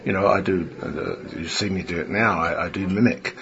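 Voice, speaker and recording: A man's voice: low voice, fairly even intonation, moderate pace, creaky, fairly bright tone. An older man, a medium reflecting in an interview, chatty and rambling with many fillers. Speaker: spiritualist medium interviewed after a seance. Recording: dull recording with a crowd behind.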